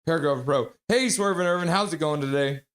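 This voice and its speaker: A man's voice: a little high, fairly quick, fairly bright tone. A middle-aged man hosting a hockey livestream, chatting casually and greeting viewers by name. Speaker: livestream host reading chat. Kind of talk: casual hockey pregame stream chat.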